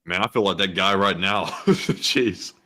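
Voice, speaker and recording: A man's voice: low voice, unhurried, bright, forceful tone. A man co-hosting a livestream, chatting casually and joking along. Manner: laid-back, joking. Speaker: stream co-host.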